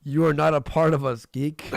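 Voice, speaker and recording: Man, livestream host, crude and joking, gravelly voice, dry close mic. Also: on the high side, level tone, normal speed, no echo. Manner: crude, joking, frequent laughter. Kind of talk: casual livestream commentary.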